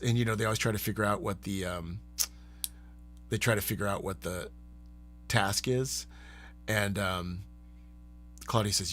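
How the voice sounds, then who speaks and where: A man hosting a live stream, chatting casually in a rambling, animated way and laughing often. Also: fairly low pitch, moderate pace, long pauses, soft background music. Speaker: streamer and host.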